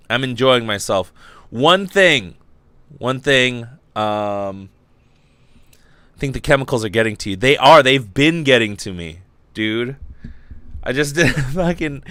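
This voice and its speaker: A man's voice: medium pitch, expressive, a little slow, long pauses, pushed and bright, smooth, dry recording. A young man hosting a casual livestream podcast, rambling and giddy, lightheaded from fumes, swearing freely. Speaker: podcast host.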